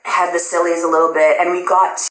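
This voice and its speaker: A woman's voice: fairly low pitch, flat delivery, fairly quick, a bit bright. A woman hosting a casual livestream, answering fan questions in a bubbly, self-deprecating way with lots of "um"s. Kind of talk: casual chat. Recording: roomy echo.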